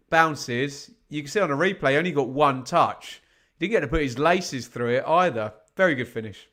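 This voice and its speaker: A man's voice: on the high side, normal speed, fairly bright tone. A man hosting a live football watch-along, chatting with viewers and reading out scores from other games. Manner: chatty, reads out scores, asks the chat rhetorical questions. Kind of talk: live fan commentary and chat.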